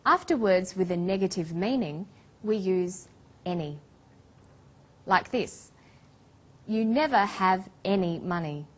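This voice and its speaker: Slow, clear woman teaching English. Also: medium pitch. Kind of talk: scripted narration.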